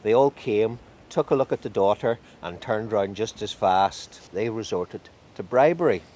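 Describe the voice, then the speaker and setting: A man telling a folk tale in a lively, wry way with drawn-out emphasis. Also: lowish voice, slight background noise. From County Tyrone. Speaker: storyteller.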